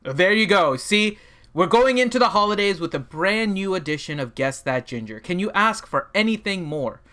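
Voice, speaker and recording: A man's voice: sits high, lively intonation, normal speed, pushed and bright. A man hosting a casual gaming livestream, joking and rambling with plenty of fillers as he introduces people and reviews a game roster.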